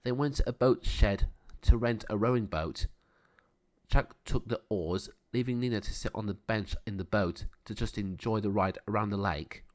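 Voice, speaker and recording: A man narrating a children's storybook aloud in a calm, steady reading voice. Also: on the low side, moderate pace.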